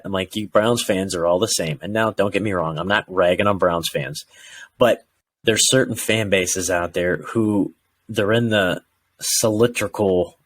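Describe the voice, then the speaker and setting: A man with a fairly low voice talks football with a co-host in a relaxed podcast chat. He gets animated and slips into mock voices of frustrated fans. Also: a little slow, slight background noise. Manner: animated, acts out fans' rants in quoted voices. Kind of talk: casual sports chat.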